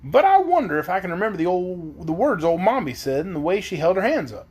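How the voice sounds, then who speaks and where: A man's voice: high voice, sing-song, darkish tone, slightly rough, exaggerated voice. A man voicing an eager, impatient young boy trying out magic in a bedtime storybook reading. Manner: eager and quick.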